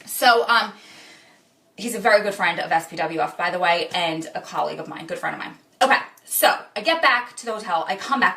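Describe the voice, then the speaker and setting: A woman's voice: mid-range voice, sharp tone, far from the mic. A woman vlogger talking earnestly and directly to her viewers in a confessional chat. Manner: earnest, direct address, retelling with quotes. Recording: echoey room, off-mic.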